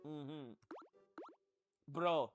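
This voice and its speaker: A man casually commenting on a game he is playing, excitable and swearing often. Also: fairly high pitch, drawn-out words, faint music behind. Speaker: gaming streamer. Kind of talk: casual let's-play commentary.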